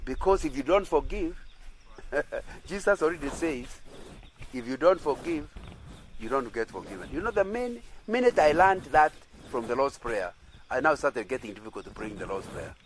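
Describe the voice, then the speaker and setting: A man's voice: mid-range voice, big pitch swings, moderate pace, slight background noise, rough recording. A man teaching in a sermon style who keeps checking that listeners agree and often repeats and restarts his phrases. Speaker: Christian teacher.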